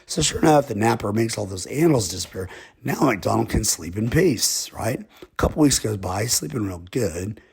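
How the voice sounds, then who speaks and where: A man's voice: fairly low pitch, expressive, moderate pace, vocal fry, darkish tone, breathy edge. A man from Texas, telling a rambling comic story with a drawl and chuckling asides. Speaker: comedic storyteller.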